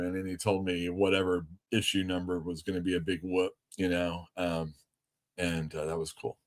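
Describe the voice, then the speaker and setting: A comic shop owner hosting a casual livestream, rambling through anecdotes with many fillers. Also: male voice, low-pitched, level tone, normal speed. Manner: rambling, lots of fillers, laughs easily.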